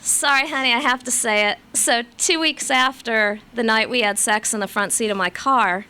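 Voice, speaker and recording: A woman's voice: a little high, moderate pace, noisy background. A woman from Los Angeles telling her own story as a recovery meeting speaker, with wry, self-mocking humor. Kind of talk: personal storytelling talk to a live audience.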